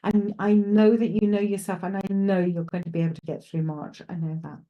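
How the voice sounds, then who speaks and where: A woman's voice: mid-range voice, steady tone, a little fast, muffled recording. A woman with a Welsh accent presenting live psychic readings, talking reassuringly and chattily to a caller.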